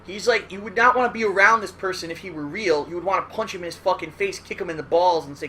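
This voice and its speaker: A fast-talking man with a high, sharp voice and few pauses hosts a loose, profane, rambling look back at old cartoons, often asking "all right?". Slight background noise accompanies this casual retrospective commentary.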